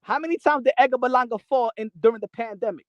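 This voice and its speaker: Heated high-voiced host. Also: male voice, fast talker, dry recording, muffled recording. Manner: heated, mocking, switching between English and Spanish. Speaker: boxing channel host. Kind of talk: livestream commentary answering chat.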